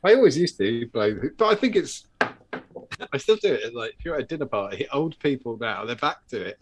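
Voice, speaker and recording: A man's voice: medium pitch, brisk, background noise. A man co-hosting a live chat show, telling stories in a loose, swearing, joking way. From United Kingdom. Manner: animated storyteller, swears, breaks into laughs and put-on voices. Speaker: co-host. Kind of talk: casual banter on a live show.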